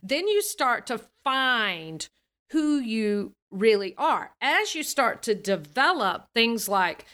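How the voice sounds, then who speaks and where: Bright, animated woman vocal coach. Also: a little high, slow. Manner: animated and expressive, laughs often. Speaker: singing and speaking coach. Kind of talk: casual interview talk.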